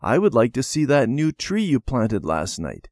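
A man's voice: mid-range voice, huge pitch swings, moderate pace, darkish tone, no room sound, clean studio sound. A man voicing a mild, friendly mother in a children's storybook reading. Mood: pleasant.

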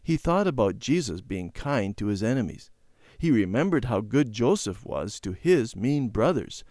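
Man, storyteller, lively inflection, dry close recording. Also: mid-range voice, normal speed, no echo. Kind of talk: reading a children's Bible story aloud.

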